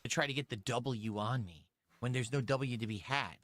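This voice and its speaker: A man's voice: mid-range voice, moderate pace, fairly bright tone, no echo. A man on a stream clip, insisting defensively that he is happy and doing fine.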